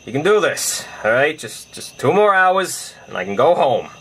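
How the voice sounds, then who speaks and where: A man's voice: on the high side, sing-song, moderate pace, fairly bright tone, breathy edge, full character voice, low-quality recording. A man voicing a nervous, clumsy male police officer who stammers and panics. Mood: weary.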